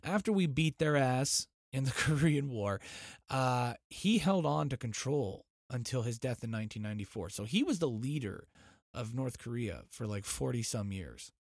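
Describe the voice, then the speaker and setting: A young man hosting a podcast, ranting in a profane, mocking way that swings from loud outbursts to low muttering. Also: lively intonation, normal speed, dry recording, studio quality. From United States. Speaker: podcast host. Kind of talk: profane comedic rant.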